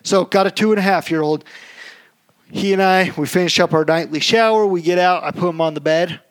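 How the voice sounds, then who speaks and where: A young adult man co-hosting a podcast, telling a story in a casual, animated way. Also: high-pitched, brisk. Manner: animated storytelling, acts out shouting. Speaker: podcast co-host. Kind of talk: casual chat.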